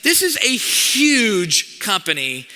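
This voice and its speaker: A male pastor telling a story in a sermon, animated and acting out the conversations in it. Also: high voice, takes it slowly. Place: church auditorium. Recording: long hall reverb.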